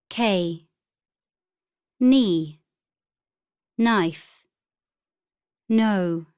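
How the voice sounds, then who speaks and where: A woman's voice: mid-range voice, clear, resonant tone. A woman reading single vocabulary words and short explanations for a course, carefully articulated. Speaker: audio narrator for a vocabulary course. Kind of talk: scripted instructional reading.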